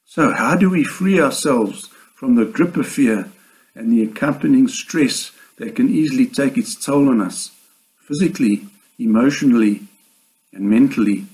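A man delivering a sermon in a measured, earnest way, with slow emphatic pauses. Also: mid-range voice, expressive, a little mellow, rough recording. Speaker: preacher.

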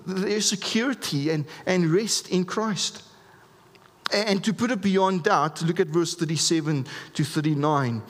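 A man's voice: high voice, unhurried, big-room sound. A man preaching a sermon as a pastor, earnest and emphatic, often restarting his words.

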